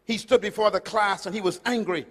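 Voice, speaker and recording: High-voiced preacher in a hall. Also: male voice, brisk. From Caribbean island. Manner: emphatic, swings from loud to hushed. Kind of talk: sermon. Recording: long hall reverb.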